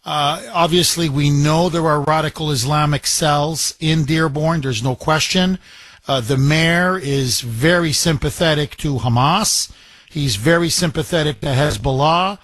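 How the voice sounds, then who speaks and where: Male radio host, slightly high voice, dry studio sound, pressing questions. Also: fairly bright tone, no room sound. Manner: pointed rapid-fire questions to callers. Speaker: radio talk show host. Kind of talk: talk radio commentary.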